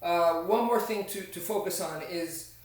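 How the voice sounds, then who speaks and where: Male martial arts instructor, slightly high voice, patient drill-by-drill teaching, heard from a distance in a very reverberant room. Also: a little slow. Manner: explains step by step, counts out strikes, frequent "okay?". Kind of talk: instructional demonstration. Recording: echoey room, distant camera.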